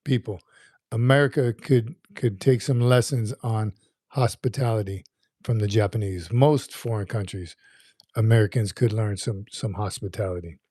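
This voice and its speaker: A man in his fifties, a livestream host, rambles casually and circles back on himself while reading comments aloud. His voice is husky, on the low side, and mellow and relaxed, at a normal speed. The recording is dry and close, with no room sound.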